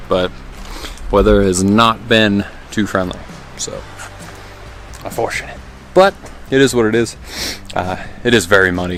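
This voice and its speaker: A man talking casually to his camera while hiking a mountain trail, upbeat and easygoing, with plenty of ums and uhs. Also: lowish voice. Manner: easygoing, upbeat, many fillers. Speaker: hiking vlogger. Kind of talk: casual outdoor vlog narration.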